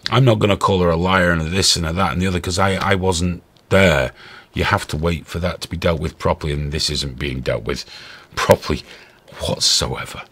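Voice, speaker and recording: A man's voice: deep voice, steady tone, brisk, a bit bright, husky. A middle-aged English man hosting a show, giving a blunt, sarcastic, heavily sworn rant about the news. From England. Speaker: show host. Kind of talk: ranting commentary.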